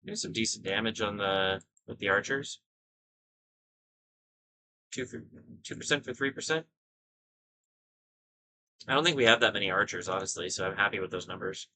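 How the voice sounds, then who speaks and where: A man giving casual commentary over his own gameplay, thinking aloud as he goes. His voice sits low but rings bright and forceful. He drifts into rambling asides and corrects himself along the way. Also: normal speed, pauses often, poor audio. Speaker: gaming video host.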